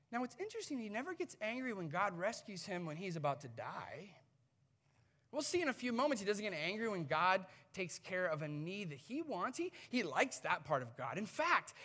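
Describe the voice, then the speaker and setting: Bright, high-voiced man preaching a sermon. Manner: storytelling, swings from hushed to loud. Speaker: pastor.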